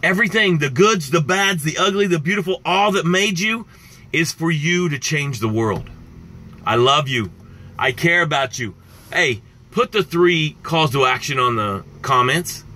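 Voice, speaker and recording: A man speaking as a success coach, with a bright, forceful tone and a slightly high voice. He talks with passion and speaks straight to his viewers, driving his points home again and again. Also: animated, a little slow, slight background noise. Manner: impassioned, repetitive, addresses viewers directly. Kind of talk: motivational live-stream talk.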